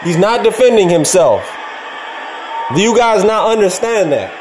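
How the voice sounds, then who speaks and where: Hoarse man in blunt fight commentary. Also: high-pitched, very animated, normal speed. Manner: blunt, emphatic, repeats himself. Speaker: vlogger reacting to a boxing match. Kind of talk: casual profane fight commentary.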